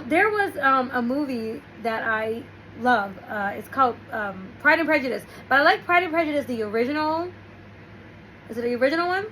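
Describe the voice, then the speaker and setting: High-voiced woman giving casual advice. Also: sharp tone, a little hiss or hum, poor audio. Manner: rambling, restarts, storytelling with quoted asides. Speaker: host.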